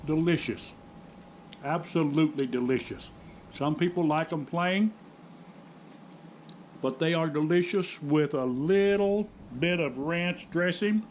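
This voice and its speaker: A man's voice: fairly high pitch, slow, lo-fi sound, slight background noise. Folksy man hosting a home cooking video. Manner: folksy, talks straight to viewers as "folks". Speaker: cooking channel host. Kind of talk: casual cooking demonstration.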